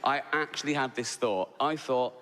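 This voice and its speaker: A man's voice: mid-range voice, moderate pace, a little hiss or hum. A man doing stand-up comedy, telling a long story and mocking people with put-on voices. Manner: animated, mocking voices in quoted lines. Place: large theatre stage. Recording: live theatre with long reverb and loud crowd ambience.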